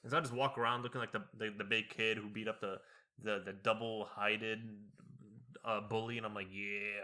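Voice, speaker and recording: Young male podcast co-host with a bright voice; animated storyteller who acts out quotes. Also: on the low side, a little fast. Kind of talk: casual chat.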